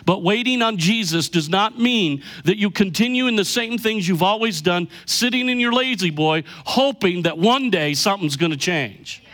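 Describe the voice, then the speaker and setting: A middle-aged pastor preaching a sermon with emphasis, slowing down to stress key lines. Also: male voice, high-pitched, expressive, a bit bright.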